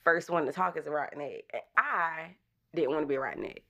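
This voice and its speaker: A woman in her thirties hosting a podcast, telling stories about her kids in an animated way and laughing often. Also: low-pitched, fairly quick, vocal fry, dull audio. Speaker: podcast host. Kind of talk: casual chat.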